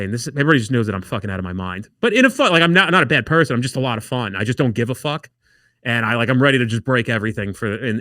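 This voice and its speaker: With a medium-pitched voice captured in a dry, studio-quality recording, this podcast guest recounts wild stories. His delivery is casual and animated, heavy on swearing, and he mimics what others told him.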